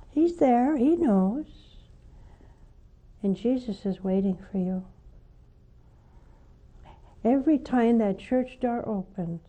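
Slow, mellow-voiced older nun preaching. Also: female voice. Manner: fervent, coaxing, rising to high emphatic peaks. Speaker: nun hosting a call-in show. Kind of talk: preaching and answering callers.

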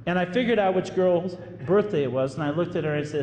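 A priest telling a story in a sermon, animated and acting out the voices of the people in it. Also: male voice, sits high, quick pace, few pauses. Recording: echoey hall with faint room ambience.

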